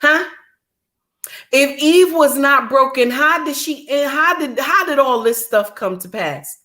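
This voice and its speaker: A woman's voice: high voice, animated, slow, pushed and bright. A middle-aged woman, delivering an indignant, preachy ranting monologue full of repetition. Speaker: commentator.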